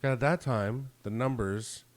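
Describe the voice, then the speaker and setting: Animated man retelling phone calls. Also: mid-range voice, slow pace. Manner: animated, acts out both sides of phone calls, swears freely. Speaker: podcast co-host. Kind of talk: casual storytelling chat.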